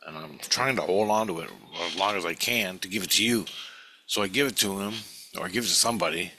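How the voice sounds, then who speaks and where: A man with a lowish, bright, forceful voice recounts a dream in a meandering, foul-mouthed ramble. He keeps restarting his sentences and swearing as he circles back over the details. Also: quick pace, husky. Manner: profane, meandering storytelling with many restarts.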